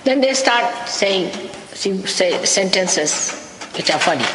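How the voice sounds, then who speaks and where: A woman's voice: mid-range voice, lively intonation, slow. A woman gives a spiritual talk in a wry, storytelling way, chuckling now and then. Her voice rings around a large hall with a long tail of reverb. A faint hiss runs under the old tape. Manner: anecdotal, wry, with small laughs. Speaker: spiritual teacher. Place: lecture hall in London.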